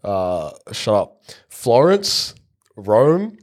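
A man's voice: lowish voice, big pitch swings, drawn-out words, darkish tone. A young man co-hosting a podcast in casual chat, swearing a lot and teasing, with many ums. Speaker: podcast co-host.

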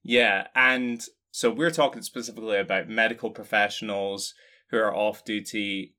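A man's voice: on the low side, fairly even intonation, normal speed, sharp tone. A man co-hosting a casual discussion, explaining points in a wry, joking way. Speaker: podcast co-host.

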